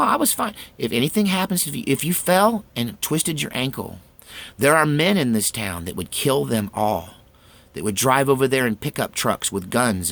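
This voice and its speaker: A man voicing a stern, worried mother gravely warning her young son. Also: mid-range voice, fairly bright tone, pitched above the performer's own voice, exaggerated voice.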